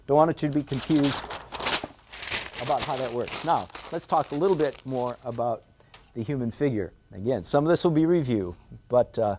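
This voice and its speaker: A man's voice: medium pitch, a little mellow. An older man teaching a drawing lesson in a studio, playful and self-mocking with rhetorical asides. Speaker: art instructor.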